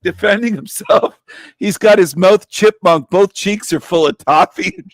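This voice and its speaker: Male panelist, unhurried and giggly, ribbing the others on a dry home mic. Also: high-pitched, animated, no echo. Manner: teasing, giggly, rambling. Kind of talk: casual live-stream banter.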